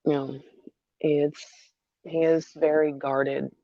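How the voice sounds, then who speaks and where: A mother talking through a hard personal story in a halting way, repeating herself with many fillers. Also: deep voice, little pitch movement, no room sound, dull audio. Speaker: mother vlogger. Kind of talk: emotional personal vlog.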